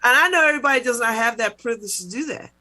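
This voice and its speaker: A middle-aged woman hosting a talk show, telling a personal story in a casual, animated way, with mock-indignant retellings. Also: fairly high pitch, rapid-fire. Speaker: radio talk show host.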